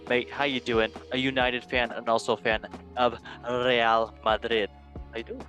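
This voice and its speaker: A man hosting a casual football podcast, rambling and making fun of himself, often trailing off quietly. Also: mid-range voice, level tone, moderate pace, soft background music. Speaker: podcast host. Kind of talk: casual chat.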